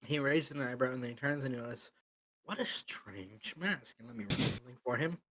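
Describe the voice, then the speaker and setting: A man narrates as game master of a tabletop game, describing scenes in a loose, casual way. His voice sits at an ordinary middle pitch. He drops in fillers as he goes. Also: steady tone, very fast, a bit bright, low-quality recording.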